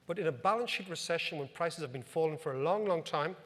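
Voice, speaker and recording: A high-voiced Irish man spins wry, anecdotal stories for a live audience at a club. His talk rings with a long reverb from the hall. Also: expressive, fast, hardly any pauses, a bit bright. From Ireland. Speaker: economic commentator, speaker. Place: club function room.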